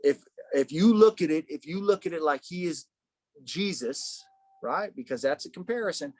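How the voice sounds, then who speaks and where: A man leading a casual Bible study, animated, asking rhetorical questions and saying "man" a lot. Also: fairly high pitch, moderate pace, no room sound.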